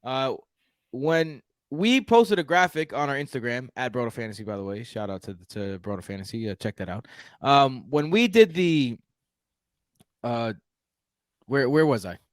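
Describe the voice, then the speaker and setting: A man from Houston co-hosting a podcast, talking casually and jokingly with lively restarts. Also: mid-range voice, normal speed, no echo, studio quality. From Houston, Texas. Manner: animated, jokey, frequent restarts. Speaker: podcast co-host. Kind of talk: casual fantasy football chat.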